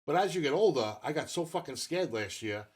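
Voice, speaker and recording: A man's voice: on the high side, lively intonation, fairly quick, husky. A man in his fifties co-hosting a podcast, telling a long story in casual chat and swearing freely. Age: 50s. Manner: profane, rambling storyteller. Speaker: podcast co-host.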